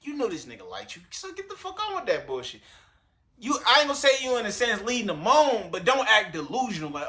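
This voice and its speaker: A man reacts to a clip on camera in a loose, rambling, profane way, speaking straight to his audience. His voice sits high and swings widely in pitch. It has a bright, sharp edge. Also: huge pitch swings, fast. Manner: profane, rambling, addresses viewers directly. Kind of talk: casual reaction commentary. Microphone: recording himself on camera.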